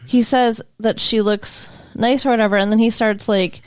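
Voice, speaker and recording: A woman's voice: fairly high pitch, steady tone, normal speed, smooth, dry recording. Chatty woman podcaster, dry close sound. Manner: chatty, thinks aloud, casual swearing. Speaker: podcast co-host. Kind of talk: casual movie review chat.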